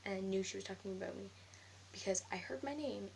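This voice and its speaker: A young woman casually telling a story to the camera, rambling and animated, with "like" after nearly every phrase. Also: medium pitch, fast, creaky, slight background noise. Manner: rambling, heavy use of filler "like"; animated retelling of an argument. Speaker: vlogger.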